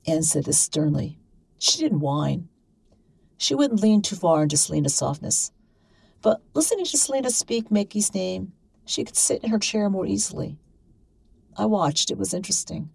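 A woman reading a short story aloud in a measured, wry way. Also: mid-range voice, animated, vocal fry, a little mellow, slightly rough, dry recording, poor audio. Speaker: reader.

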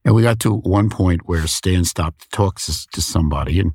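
Male interview host, deep husky voice, calm and reflective. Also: moderate pace, no echo, clean studio sound. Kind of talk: conversational interview.

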